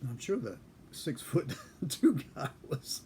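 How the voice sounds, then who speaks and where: A man in his seventies casually telling a story from his service days, unhurried and chuckling now and then. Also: mid-range voice, wildly swooping pitch, a little mellow, slight background noise. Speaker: storyteller recalling military service.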